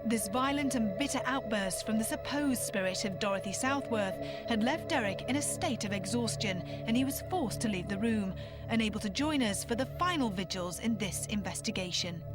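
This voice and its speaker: A woman with a fairly high voice gives measured, dramatic scripted narration. Loud music plays under her. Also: animated.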